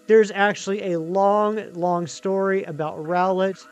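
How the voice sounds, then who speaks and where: Male streamer, high voice, chatty and excitable, faint music underneath. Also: a little slow, few pauses, clear, resonant tone. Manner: chatty, excitable, talks to chat. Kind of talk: live gaming stream chat.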